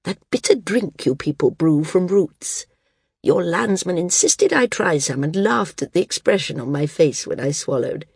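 A woman's voice: lowish voice, expressive, measured pace, a little mellow, slightly rough, dry recording, studio quality, exaggerated voice. A woman voicing a bedridden old woman, a former flyer and teacher, who talks in a wry, reminiscing way.

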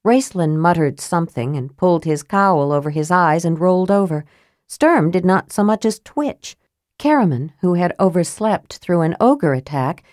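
Mellow, low-voiced woman narrating a fantasy novel. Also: no echo, studio quality. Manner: steady, even storytelling. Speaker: audiobook narrator. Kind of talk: scripted narration.

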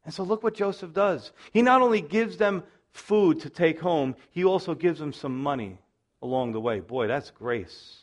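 A male pastor teaching verse by verse through a Bible passage, with an animated manner and playful asides that act out the characters' lines. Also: fairly high pitch, normal speed.

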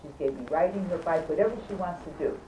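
A woman telling a personal story in casual conversation, emphatic and animated, repeating words for stress and laughing between phrases. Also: lowish voice, fast. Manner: animated, chatty, laughs mid-sentence. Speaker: storyteller recounting an accident. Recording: roomy, distant mic, faint background noise.

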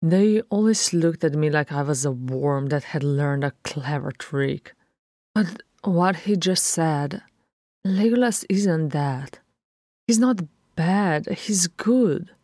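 A woman reading a flat, sarcastic dwarf. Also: deep voice, takes it slowly, no echo, studio quality. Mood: glum. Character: sardonic male dwarf, weary younger brother. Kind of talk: audiobook fan fiction reading.

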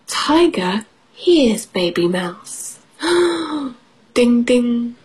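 Slow, breathy woman reading to kids. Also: on the high side, sing-song, darkish tone. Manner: playful, with sound effects and questions to children. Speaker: radio English teacher. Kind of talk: children's storybook reading.

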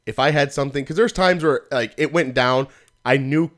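A man in casual chat, slowly retelling a memory step by step and quoting his own thoughts. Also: medium pitch, fairly bright tone.

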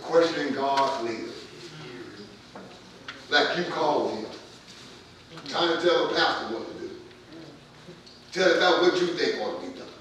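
A pastor preaching a sermon in an emphatic, colloquial way, moving between quiet scripture reading and near-shouting, with words often stammered and repeated. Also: male voice, fairly high pitch. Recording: very echoey room, mic far off, faint noise.

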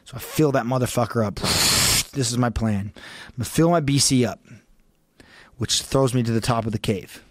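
A man's voice: medium pitch, normal speed, no room sound. Swearing man telling a tense story. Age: adult with a young child. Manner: profane, urgent and emphatic, voice rising sharply at peaks. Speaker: podcast guest. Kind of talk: intense storytelling in a long-form podcast.

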